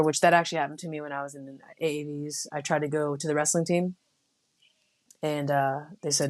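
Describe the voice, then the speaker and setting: A young adult woman from the United States, a Marine officer guest, telling stories in a relaxed, casual way with many fillers. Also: sits low, brisk. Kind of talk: casual interview.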